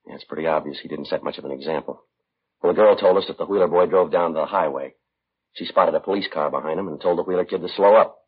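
An actor playing a terse, steady police detective with a clipped, matter-of-fact delivery in an old radio drama. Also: male voice, low-pitched, fast talker, slightly rough. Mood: flat. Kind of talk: 1950s radio drama acting. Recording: dull old radio broadcast.

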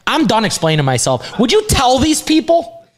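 A man's voice: very high voice, huge pitch swings, normal speed. A man co-hosting a sports betting podcast with a nasal voice, talking in blunt, profane, joking casual banter.

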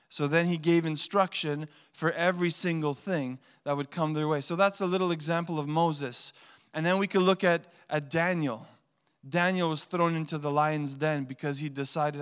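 Male pastor, conversational sermon delivery with animated quotes, clear resonant voice, echoing church hall. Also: a little high, moderate pace. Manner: conversational preaching, animated quoting. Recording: long hall reverb.

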